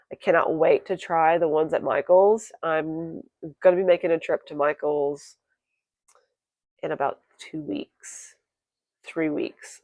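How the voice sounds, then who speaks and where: A woman crochet vlogger chatting casually to her viewers, quick and self-correcting, her voice croaky today. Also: sits low, warm tone, no room sound. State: croaky, clearing throat. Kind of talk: casual chat to camera.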